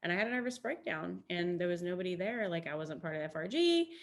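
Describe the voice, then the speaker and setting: A woman's voice: fairly low pitch, lively intonation, fast, gravelly. A woman Army veteran, a guest, talking in a casual, rambling way with many restarts and fillers. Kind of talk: casual conversation.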